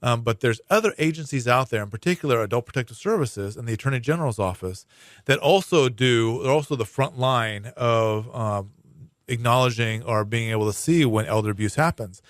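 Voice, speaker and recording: Speaking fairly quickly in a mid-range voice, this Hawaii-born prosecuting attorney gives long explanations full of fillers and restarts as a guest on a casual radio interview. It's recorded in a radio studio, and the sound is clean with no room noise.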